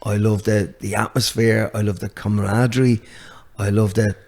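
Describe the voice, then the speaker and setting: A man's voice: fairly low pitch, moderate pace. An older man, a guest guitarist chatting casually in an interview, telling stories with lots of restarts. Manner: animated storyteller with many restarts.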